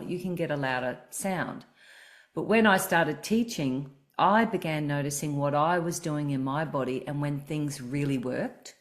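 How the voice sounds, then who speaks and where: A low-pitched woman hosting a podcast, talking about voice and the body as a singing teacher. She explains earnestly and keeps a conversational flow. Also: a little slow. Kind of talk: casual podcast chat.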